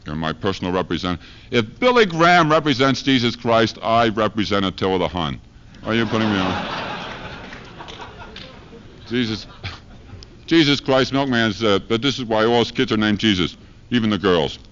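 A man's voice: fairly low pitch, lively intonation, moderate pace, long pauses, a bit bright, a little hiss or hum. A man doing a rambling, profane stand-up monologue with rhyming chants, recorded live at a university. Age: 1970s live archive recording. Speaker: street preacher comedian. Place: university lecture hall audience. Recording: dull lo-fi 1970s live recording.

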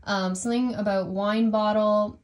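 A woman's voice: medium pitch, fairly even intonation, normal speed. Chatty woman giving a tarot reading. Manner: rambling, many fillers, apologizes for slips. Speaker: tarot reader. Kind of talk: casual tarot reading monologue. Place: home.

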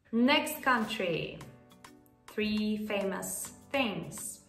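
Lively high-pitched woman teaching languages. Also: takes it slowly. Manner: chatty, often checks in with the viewer using "yeah?". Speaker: language teacher and channel host. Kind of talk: casual video language lesson. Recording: echoey room. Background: soft background music.

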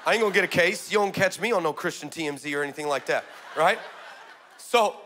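A male pastor preaching a sermon, energetic and humorous, telling stories and building to shouts. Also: on the high side, fast talker, slight background noise. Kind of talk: sermon with storytelling.

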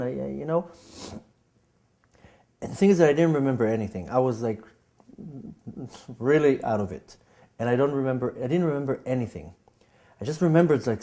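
A man telling a personal story, with a halting manner full of repeats and restarts, getting animated as he acts out scenes. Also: medium pitch. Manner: animated when acting out scenes. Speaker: speaker giving a personal testimony.

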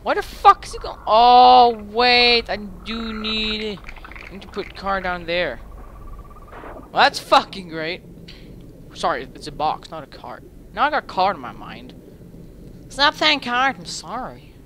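A man playing through a game on a headset mic, his voice bright and jumping all over the place. He talks slowly between outbursts, then swears and shrieks at every scare. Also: sits high, a little hiss or hum. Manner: excitable, swearing, sudden yelps and shrieks. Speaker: let's play gamer. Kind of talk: gaming commentary. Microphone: gaming headset.

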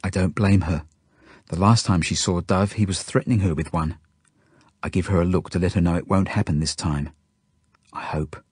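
A man reading his own novel aloud as audiobook narration, in a steady, plain first-person storytelling manner. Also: low-pitched, fairly quick, husky, no echo, studio quality.

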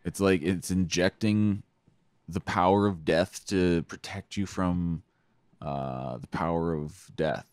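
A man's voice: low voice, slow, darkish tone, dry recording. A man co-hosting a podcast, chatting casually about politics, rambling with lots of fillers and restarts. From Canada. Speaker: podcast co-host.

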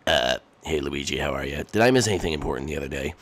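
A man voicing a dim, slow-witted male friend with a deep drawl. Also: lively intonation, dry recording. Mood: dopey.

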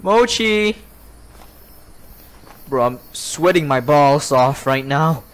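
A man's voice: a little high, animated, slow pace. A man commenting live on a horror game, frightened and jumpy, swearing, gasping and yelping as he explores. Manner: jumpy, frightened, swears a lot, yelps and gasps. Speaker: gamer playing a horror game.

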